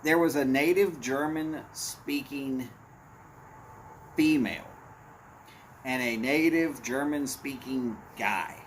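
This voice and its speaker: A man's voice: medium pitch, slow, long pauses, a little hiss or hum. A man hosting a casual livestream, chatting with viewers in meandering asides, with a tone others hear as angry. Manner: blunt, talks in meandering asides. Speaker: livestream host reading chat. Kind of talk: casual rambling chat.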